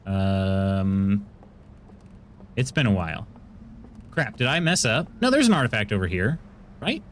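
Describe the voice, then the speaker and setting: A man with an American accent streaming a video game, chatting casually with his viewers and jumping into high, excited bursts. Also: a little slow, a little hiss or hum.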